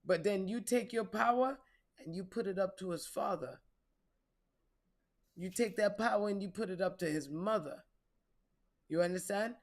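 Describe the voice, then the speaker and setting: A woman's voice: mid-range voice, normal speed, pauses often. A woman giving a casual spiritual reading, profane, playful and preachy. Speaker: spiritual reader.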